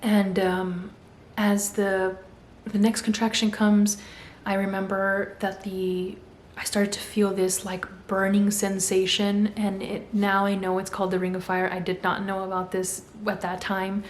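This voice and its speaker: A woman's voice: mid-range voice, a little slow. A young adult woman telling a story in a casual way and acting out the voices she quotes. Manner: animated, acts out quoted voices. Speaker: vlogger. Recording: echoey room with faint hum.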